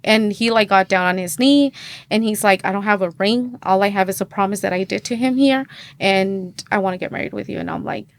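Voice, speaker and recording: Chatting at a slightly fast clip in a mid-range voice, this podcast guest in her thirties walks through a personal testimony in casual conversation. She uses many fillers and performs the lines she quotes; the recording is dry.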